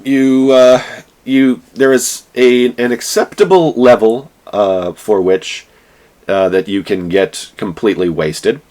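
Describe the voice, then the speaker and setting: A man's voice: fairly low pitch, a little slow, darkish tone. A man telling a casual anecdote, rambling with fillers and restarts. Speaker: vlogger.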